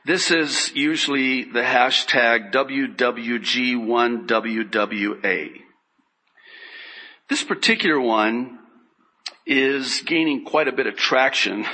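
Male preacher, slow deliberate delivery, bright tone, emphatic rises on key words. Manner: emphatic, rising sharply on key phrases then dropping low; quotes scripture with heavy stress on single words. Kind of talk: sermon.

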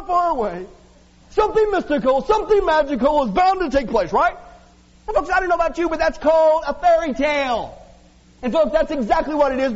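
Man preaching fast, wisecracking sermon, long reverb in a church hall. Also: extremely high pitch, muffled recording. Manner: jokey, sarcastic preaching to the congregation. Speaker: pastor.

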